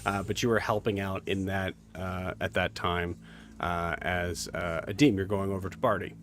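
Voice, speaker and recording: A man's voice: deep voice, fairly even intonation, moderate pace, fairly bright tone, slight background noise. A man running a tabletop game as game master, describing scenes in a loose, rambling way full of fillers.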